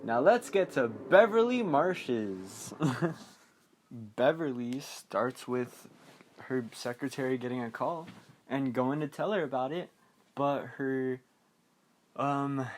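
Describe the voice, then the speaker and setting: A young man hosting a podcast, recapping a film in a rambling, casual way, full of fillers and quick mock quotes. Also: medium pitch, lively intonation. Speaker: podcast host.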